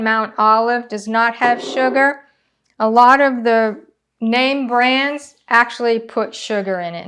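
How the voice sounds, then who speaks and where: A woman's voice: fairly high pitch, a bit bright, slight background noise. A woman hosting a casual home cooking demonstration, chatting through each step as she cooks in her kitchen. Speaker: cooking channel host.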